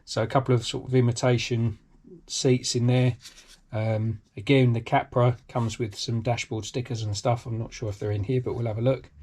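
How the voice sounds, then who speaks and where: A man's voice: mid-range voice, little pitch movement, moderate pace, darkish tone. A British man hosting a hobby channel, talking casually through an unboxing with lots of ums and restarts. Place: home workshop.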